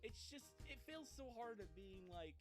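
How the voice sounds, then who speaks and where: High-voiced, blunt, joking man. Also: expressive, normal speed, music in the background. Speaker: co-host on a stream. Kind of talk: casual reaction commentary.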